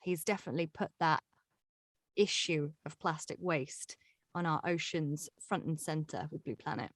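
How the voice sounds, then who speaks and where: A woman's voice: low voice, moderate pace, no echo, studio quality. A bubbly, chatty woman with an English accent from England, a guest on a podcast talking casually. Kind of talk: casual interview chat. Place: home in East London.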